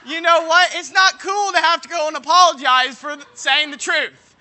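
A man preaching a sermon, leaning on folksy everyday examples and asking "you know what?" again and again, now and then breaking into shouts. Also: very high voice, fairly even intonation, normal speed. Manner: bursts into shouting at moments.

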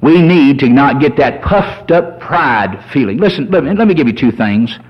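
A man preaching a sermon as a pastor, folksy and animated, telling humorous stories. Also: mid-range voice, moderate pace, breathy edge. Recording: dull lo-fi sermon recording.

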